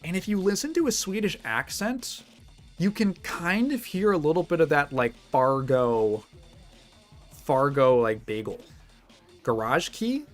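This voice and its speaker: Over soft background music, a man with a high-pitched, sing-song voice talks at normal speed. He's a Midwestern American streamer casually reacting to a video, rambling, laughing a lot and restarting his sentences.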